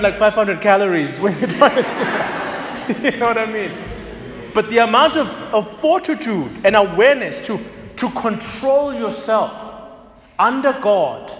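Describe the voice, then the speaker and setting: Male pastor, high voice, chatty direct sermon delivery, roomy church echo. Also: fairly bright tone, slight background noise. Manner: conversational and direct, with many restarts and emphatic repetition. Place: church hall. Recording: echoey hall with long reverb.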